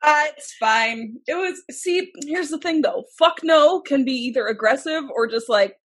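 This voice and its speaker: A woman chatting casually as co-host, playful and quick to laugh and joke. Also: high-pitched, fairly bright tone, husky. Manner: giggly, playful, chimes in with jokes. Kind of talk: casual chat.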